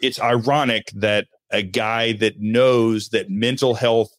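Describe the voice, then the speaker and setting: A man's voice: fairly low pitch, fairly even intonation, slow, no room sound. A man speaking as a podcast guest in casual chat, candid and earnest, with self-deprecating humor.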